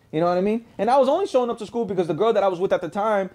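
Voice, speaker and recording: A man's voice: sits high, very fast, a little mellow. A man telling his own story in a casual, profane way, often adding "you know what I mean.". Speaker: storyteller recounting his past.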